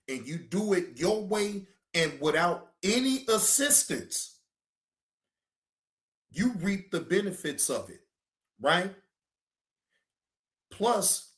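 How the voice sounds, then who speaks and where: A man in his fifties speaking AAVE, ranting loudly on a livestream and then chatting and laughing, heard in an echoey room. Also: sits high. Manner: loud preachy ranting, then laughing and joking. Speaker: reaction streamer. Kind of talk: livestream rant and casual chat.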